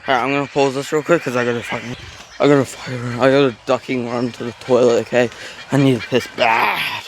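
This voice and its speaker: A man's voice: medium pitch, fairly even intonation, a little fast, noisy background. A man talking casually to a handheld phone camera as he walks around a zoo outdoors, rambling in a self-aware way with lots of filler words. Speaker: vlogger. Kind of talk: casual walking vlog.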